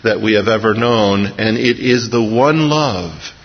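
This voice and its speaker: A man preaching a sermon to a congregation, his voice low and a little husky as he tells the story in earnest. He slows down to press his points home. The sound is dull and lo-fi, with a long reverb from the hall. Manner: earnest, storytelling, measured slowdowns for emphasis. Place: church service before a congregation.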